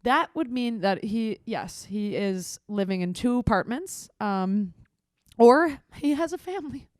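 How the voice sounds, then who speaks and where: A woman's voice: fairly high pitch, animated, unhurried, a little mellow, no echo, studio quality. A woman in her twenties co-hosting a casual podcast, telling a story animatedly, acting out her own reactions and swearing freely. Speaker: podcast co-host.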